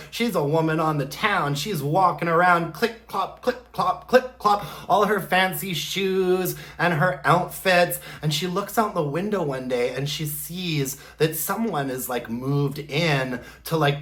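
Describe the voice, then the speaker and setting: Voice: medium pitch, fairly bright tone. A vlogger giving a casual, rambling recap of a TV episode, with lots of "like"s and spoken sound effects. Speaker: candle review vlogger.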